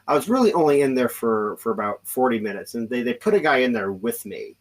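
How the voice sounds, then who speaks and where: A man hosts a podcast and tells a long story in a loose, casual way. His voice sits at an ordinary middle pitch, and he keeps backtracking with fillers and restarts. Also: lively intonation, brisk, hardly any pauses, poor audio. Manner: rambling, many restarts and fillers, acts out quoted voices. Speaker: podcast host.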